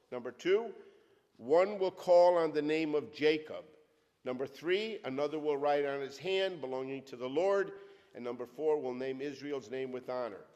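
A middle-aged male pastor preaching a sermon with fervent, emphatic delivery that swings from loud outbursts to quiet asides, in a church sanctuary. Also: medium pitch. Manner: fervent, emphatic preaching that rises and drops sharply. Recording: long reverb of a church hall.

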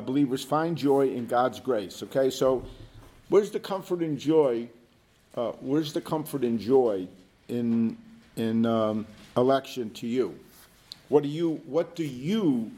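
Relaxed man teaching a Bible study. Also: medium pitch. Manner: informal, halting, with restarts and questions to the group.

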